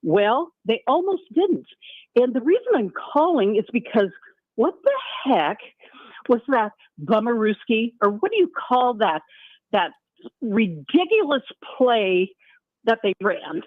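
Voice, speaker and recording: An older woman on a tinny phone line, venting her frustration in a lively, up-and-down voice. She sounds exasperated and animated, her pitch sitting on the high side as she calls in to a radio show. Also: measured pace, dry recording. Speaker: caller. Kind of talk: call-in radio.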